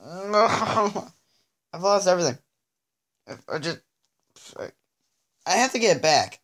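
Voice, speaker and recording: A man giving let's-play commentary, exasperated and stammering, often pleading out loud with the game. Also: medium pitch. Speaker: gaming video creator.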